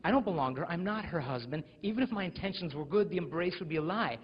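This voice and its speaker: A young American man speaks to a crowd of teenagers, telling stories with energy and slipping into mimicked voices. His voice sits fairly high with a husky edge. The sound carries a long hall echo and a dull, lo-fi tone. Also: quick pace. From United States. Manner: animated storytelling, mimics voices. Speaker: school speaker. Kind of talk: live motivational talk to teens. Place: school auditorium.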